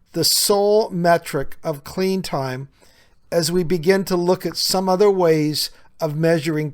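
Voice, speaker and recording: A man hosting a podcast, talking earnestly and conversationally with frequent small fillers. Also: fairly high pitch. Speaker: podcast host. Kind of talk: reflective solo podcast talk.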